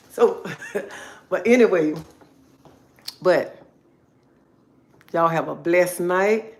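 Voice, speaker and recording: A woman's voice: lowish voice, very slow, pauses often. Chatty woman hosting a live stream. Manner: repetitive, chatty, emphatic. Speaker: livestream host. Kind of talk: casual live stream chat to viewers.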